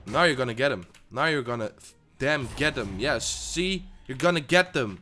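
A man commentating his own gameplay for his channel, jumping between loud outbursts and low muttering, often repeating himself. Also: normal speed. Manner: swears, stammers and repeats himself. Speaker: gaming YouTuber.

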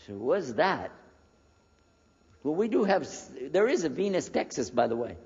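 An older American man in his sixties tells a story to an audience in a lively, lecture-style way, slipping into the voices of the people in it. His voice sits a bit high and has a husky grain. The recording is dull and lo-fi, with a long reverb from a large hall. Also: normal speed. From United States. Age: 60s. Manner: animated storyteller who acts out the dialogue. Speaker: preacher giving a lecture.

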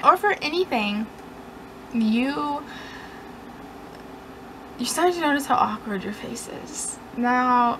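A woman's voice: fairly high pitch, fairly bright tone, slight background noise, poor audio. A young woman YouTuber chatting to camera in a joking, mock-boastful way. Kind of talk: casual chat to camera.

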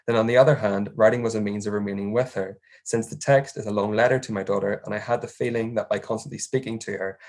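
Reading his academic paper aloud, this young male doctoral researcher has a fairly low pitch. He keeps a measured, formal tone and announces every quotation.

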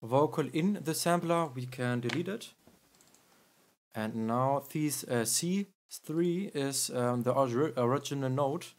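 A man hosting a music production tutorial, explaining in a halting way with many fillers. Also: mid-range voice.

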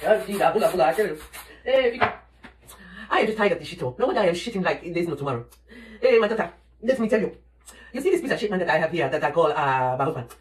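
A woman plays a loud, crude mother, ranting and exclaiming at her daughter. Her voice rises and falls with lively swings. It sounds recorded in an echoey room, a little away from the mic. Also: fairly low pitch, rapid-fire, distant mic, close to an everyday voice. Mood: complaining. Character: loud bawdy middle-aged mother on the toilet. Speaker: comedic mother character. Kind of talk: comedy sketch acting.

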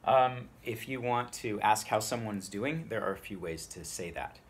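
Low-voiced man teaching spoken Latin. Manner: explanatory, repeats phrases slowly for learners. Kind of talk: spoken language tutorial.

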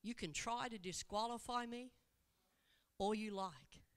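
A woman preacher voicing Jesus as a calm, tender man who speaks softly and slowly in a sermon. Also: natural voice. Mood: tender, steadfast. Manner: slow, soft, lowered voice.

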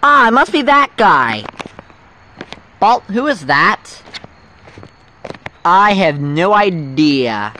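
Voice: mid-range voice, big pitch swings, very slow, long pauses, sharp tone, slight background noise. A performer in a homemade cartoon, voicing several characters in a playful way. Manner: playful, switching between many character voices. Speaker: narrator and voice actor for all characters.

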